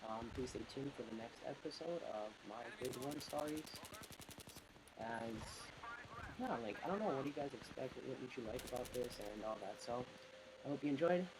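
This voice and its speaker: A man's voice: medium pitch, normal speed, background noise. A young man telling a childhood story in a rambling, casual way while commenting over gameplay. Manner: rambling, full of "like" fillers. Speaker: gaming commentator. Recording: loud game gunfire behind voice. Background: game gunfire.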